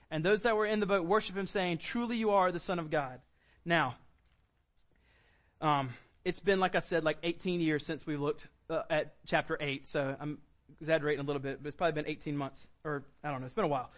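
A man's voice: high voice, a bit bright. A male pastor preaching a conversational sermon, mixing scripture reading with casual asides. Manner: reads scripture aloud.

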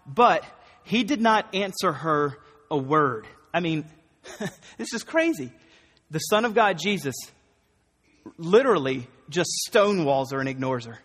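A man delivers a sermon as a pastor, talking in a loose, conversational way with quick asides and laughs. His voice sits high for a man. The sound carries the long reverb of a church hall. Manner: conversational, animated, with self-corrections and laughs.

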